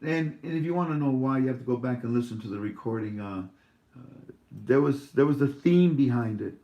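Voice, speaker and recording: A man talks in a loose, rambling monologue, full of "uh"s and half-finished thoughts. His pitch sits in an ordinary middle range. He turns sarcastic and teasing, and the room around him is roomy and echoey. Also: a little fast, lo-fi sound. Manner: rambling, sarcastic, with many fillers. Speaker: online show host. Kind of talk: casual monologue.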